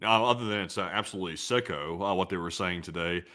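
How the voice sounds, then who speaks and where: A man with a bright, sharp tone and a lowish pitch reads out viewer questions at a rapid clip. His casual delivery trips over itself now and then, full of fillers. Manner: quick and slightly stumbling, with fillers. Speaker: co-host reading viewer questions. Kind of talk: casual live-stream commentary.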